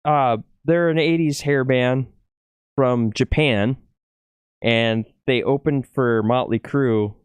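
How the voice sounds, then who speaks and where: A man's voice: medium pitch, fairly even intonation, slow pace, smooth, no room sound. A middle-aged man from California chatting casually, rambling and laughing easily as he talks. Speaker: podcast guest, musician. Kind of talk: casual chat.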